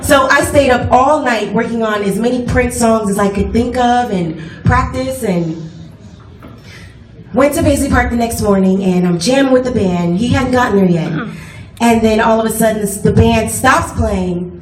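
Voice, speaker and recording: Brief: higher-voiced woman, musician, animated onstage storyteller who laughs a lot; roomy live club sound from a distance. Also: normal speed. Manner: animated, laughs often while telling. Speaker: bass player. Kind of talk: storytelling to a concert audience. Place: live music venue on stage. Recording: echoey live concert audio from far off with crowd.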